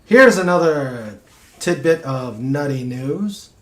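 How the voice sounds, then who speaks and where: A man's voice: medium pitch, lively intonation, roomy sound. A man hosting a casual chat show, reading out odd news stories with asides. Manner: slow, reads news items aloud with asides. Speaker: host.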